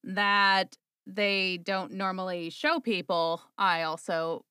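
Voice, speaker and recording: A woman with a Minnesotan accent chats casually as a podcast co-host, her voice bright and lively and recorded dry and close. She wanders through thoughts with plenty of "like" and "um" and restarts mid-sentence. Her delivery is loose and conversational. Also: mid-range voice, takes it slowly, clean tone, dry recording. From Midwest US. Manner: chatty, many fillers and restarts. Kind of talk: casual chat.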